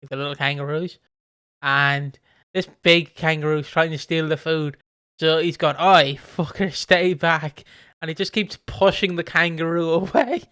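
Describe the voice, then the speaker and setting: A man's voice: on the high side, fairly even intonation, normal speed, bright, forceful tone, smooth, dry recording. A man co-hosting a casual podcast chat, rambling with fillers and easy laughs. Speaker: podcast co-host.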